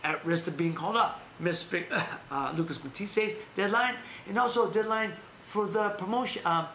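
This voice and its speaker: An American man hosts a loose boxing news chat, wandering through his points and circling back to repeat names. His voice sits a little high for a man. The room around him rings with echo, and a faint ambient hiss runs underneath. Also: moderate pace, pushed and bright. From United States. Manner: rambling, repeats names and restarts phrases. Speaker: host.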